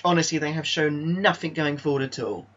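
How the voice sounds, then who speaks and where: A man commentating live on his own football video game match, his voice sitting a little high for a man. He gets excitable and exasperated, then drops into calmer team talk. The mic sounds slightly dull and lo-fi. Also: a little fast, husky. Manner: excitable, exasperated, swings between disbelief and calm team talk. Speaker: gaming YouTuber.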